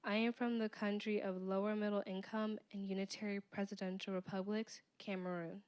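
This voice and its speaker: A woman's voice: medium pitch, flat delivery, fairly quick, a little mellow, lo-fi sound. A seventh-grade girl reads her own poem carefully at a school board meeting. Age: teens. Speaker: middle school student. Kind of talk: poetry reading.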